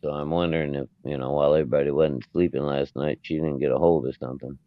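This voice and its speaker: A man telling a story in a laid-back, halting way with sighs. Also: very deep voice, fairly even intonation, dry recording. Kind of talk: casual storytelling. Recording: muffled lo-fi mic.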